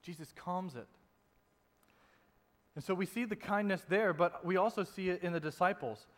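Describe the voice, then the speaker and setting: A man preaching a sermon in a conversational way, dropping soft and low to stress a point. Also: moderate pace. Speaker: pastor. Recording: long reverb in a hall.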